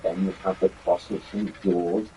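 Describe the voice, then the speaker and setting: A man's voice: low voice, little pitch movement, moderate pace, dark tone, slight background noise, rough recording. An older man hosting a history video, talking casually about an old keepsake with some rambling and filler words. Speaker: YouTube history host. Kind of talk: casual show-and-tell presentation.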